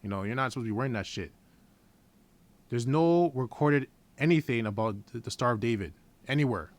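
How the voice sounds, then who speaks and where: A man preaching informally from scripture in a blunt, profane, heated way, reading the verses slowly and deliberately. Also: medium pitch, expressive. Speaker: scripture teacher.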